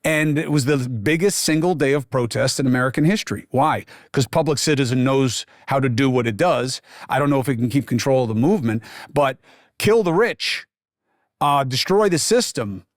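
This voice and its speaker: A man's voice: mid-range voice, normal speed, no room sound. A man hosting a podcast, delivering blunt, profane, sarcastic political commentary into a close microphone. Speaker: podcast host.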